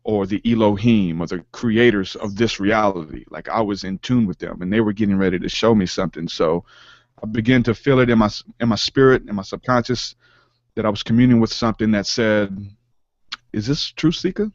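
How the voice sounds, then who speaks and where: A man with a lowish voice tells a long personal story, earnest and halting, often restarting his sentences and leaning on fillers. The sound is dry and close, with a dull lo-fi call quality. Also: steady tone, no room sound. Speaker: podcast guest, rapper. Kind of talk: storytelling in casual interview.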